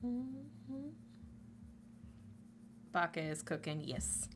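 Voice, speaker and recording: A woman's voice: very animated, extremely slow, background noise. A woman livestreamer in casual chat, talkative, laughing often and swearing freely. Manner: chatty, swears, laughs often, quotes memes in a squeaky voice.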